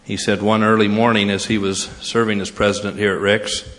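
Older male guest speaker, devotional address, low-ish voice, easygoing storyteller, reverberant hall. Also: little pitch movement, fairly quick, fairly bright tone. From Sacramento, California. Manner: folksy, good-humored storytelling. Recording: long reverb of a large hall.

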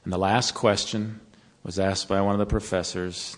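A man giving a sermon to college students, telling a folksy story and then slowing to earnest counsel. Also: deep voice, level tone. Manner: storytelling, turning slow and earnest. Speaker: devotional speaker to college students. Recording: long reverb of a large hall.

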